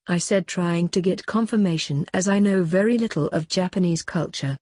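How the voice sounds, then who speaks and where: A woman narrating a first-person story in a plain, even reading. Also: fairly low pitch, normal speed, hardly any pauses, no room sound. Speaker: audiobook reader.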